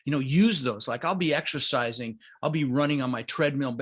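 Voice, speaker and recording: Middle-aged male guest, slightly high voice, emphatic motivator. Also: quick pace, hardly any pauses, a bit bright, breathy edge. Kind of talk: casual interview talk.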